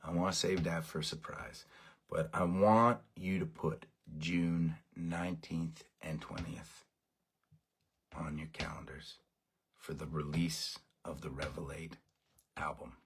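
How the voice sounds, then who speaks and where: A man leading a band, giving fans a rambling, excited update while overtired. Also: extremely low pitch, takes it slowly, a little hiss or hum. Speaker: bandleader addressing fans. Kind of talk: casual fan update.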